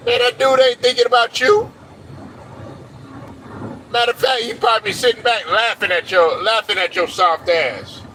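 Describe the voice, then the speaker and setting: A man's voice: extremely high pitch, normal speed, long pauses, pushed and bright, rough recording. A man hosting a sports show, delivering a blunt, profane, preachy rant with faint traffic noise around him. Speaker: sports commentary host.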